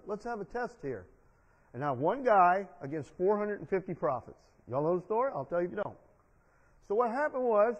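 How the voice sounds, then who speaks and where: A man with a high voice preaches from the pulpit, calling on the congregation to answer him as he tells the story. The sound is dull and muffled, with a long reverb from the church sanctuary around him. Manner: preaching with call-and-response to the congregation. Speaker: pastor. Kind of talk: sermon.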